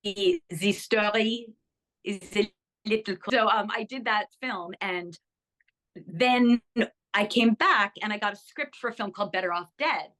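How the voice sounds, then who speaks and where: An older actress chats enthusiastically about her career in a casual interview, speaking at normal speed in a mid-range voice. She's animated and full of fillers, with many ums and restarts.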